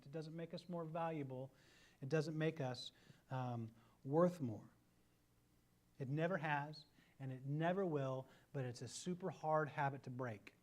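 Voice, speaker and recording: Casual thirties male pastor, slightly higher voice, animated storyteller who keeps tagging lines with "right?". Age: 30s. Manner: animated storyteller, often adds "right?" to check in with listeners. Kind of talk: conversational sermon.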